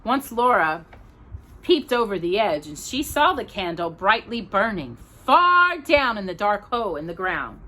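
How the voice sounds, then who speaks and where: Woman reading a storybook aloud, expressive, bright voice, lots of ups and downs. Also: mid-range voice. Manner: gentle and expressive, pausing for coughs. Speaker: storytime host. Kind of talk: reading aloud a children's novel.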